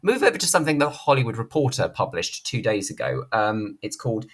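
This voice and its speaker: A man's voice: on the low side, big pitch swings, fairly quick. A man hosting a commentary channel, giving a blunt, indignant opinion monologue and swearing freely. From Britain. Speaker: channel host, film commentator.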